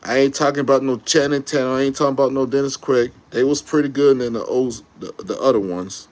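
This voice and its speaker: Brief: male vlogger, average pitch, excitable slangy fan rant, rambling with self-corrections. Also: quick pace. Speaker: YouTube commentator. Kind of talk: casual fan rant to camera.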